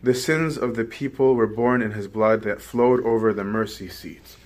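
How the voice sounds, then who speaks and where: Low-voiced man preaching a sermon. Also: steady tone, moderate pace. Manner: explains scripture, checks with the listeners using "right?".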